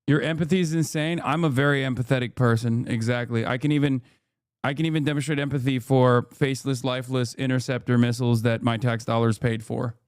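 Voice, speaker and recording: A man's voice: medium pitch, steady tone, brisk, clean tone, no room sound. A man in his thirties doing live political commentary as a streamer, sarcastic and profane, ranting on a close mic.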